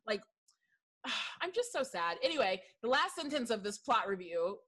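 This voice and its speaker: Woman co-host for a movie chat podcast, bright voice, lively and quick to laugh. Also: a little high, breathy edge. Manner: animated, laughs often, acts out movie lines. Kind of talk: casual movie review chat.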